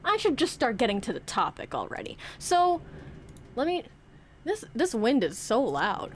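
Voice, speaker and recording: A young woman streamer talks in a loose, rambling way, with pitch that leaps around. Her voice sits a bit high for a woman. She often interrupts herself and plays little scenes with her toys. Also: wildly swooping pitch, normal speed, a little hiss or hum. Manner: playful, rambling, self-interrupting, acts out skits with toys. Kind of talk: casual chat.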